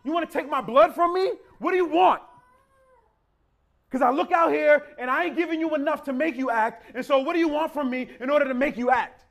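A man's voice: very high-pitched, vocal fry, fairly bright tone, voice pushed up, full character voice. A man playing a sarcastic, exasperated ancient worshipper, firing off mocking questions in a sermon. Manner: mocking, rapid-fire rhetorical questions. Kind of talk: preacher acting out a quote in a sermon.

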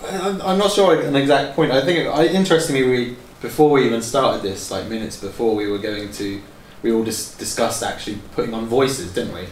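A man's voice: mid-range voice, fairly quick, slight background noise. Hesitant man in an echoey room. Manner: hesitant, restarts often. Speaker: podcast player. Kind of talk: casual podcast chat.

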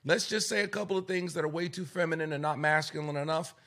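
A man, a pastor hosting the show, speaking in blunt, forceful casual conversation. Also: a little high, fast talker. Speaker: pastor and podcast host.

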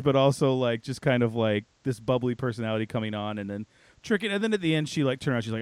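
A man co-hosting a casual chat, telling a story in an animated, filler-heavy way and quoting himself and others. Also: on the high side, fast, no room sound.

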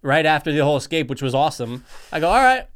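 Man, podcast co-host, laid-back sidekick with quick profane quips. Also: a little high, steady tone, clean tone. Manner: laid-back, chimes in with short agreeing remarks and profane jokes. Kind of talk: casual movie review chat.

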